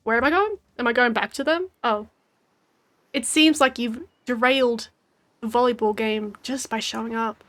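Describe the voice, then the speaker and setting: Aussie girl in her 20s streaming, reads the game out loud and keeps giggling, kinda high voice. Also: moderate pace. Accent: Australian. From Australia. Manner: giggly, wry asides while reading aloud. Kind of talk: playful reading of a dating game.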